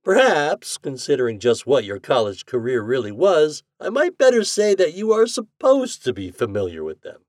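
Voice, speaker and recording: A man reading an audiobook voices a cheerful, eccentric scientist who lectures with drawn-out emphatic stresses. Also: a little high, wildly swooping pitch, dry recording, clean studio sound, voice pushed up. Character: eccentric male scientist, cheerful self-declared mad genius.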